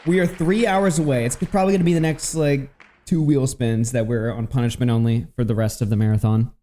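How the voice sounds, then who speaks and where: A man co-hosting a livestream in easy, casual chat. His voice is mellow and relaxed, and he curses freely while reacting to clips. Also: medium pitch, a little fast. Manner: laid-back, swearing, reads out donations. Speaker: livestream co-host. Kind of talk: casual profane stream chat.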